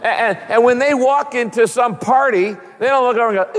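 A man preaching a sermon as a pastor, conversational and animated, with humor. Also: extremely high pitch, brisk, few pauses, in a large hall.

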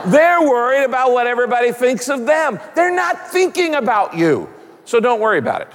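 A man preaching a sermon as a pastor, conversational and animated, with humor. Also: very high-pitched, brisk, long reverb tail.

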